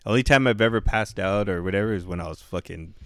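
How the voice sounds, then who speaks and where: Laid-back, foul-mouthed low-voiced man. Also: quick pace, fairly bright tone, no echo, clean studio sound. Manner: laid-back, profane, rambling. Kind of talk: casual chat storytelling. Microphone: headphones and studio mic.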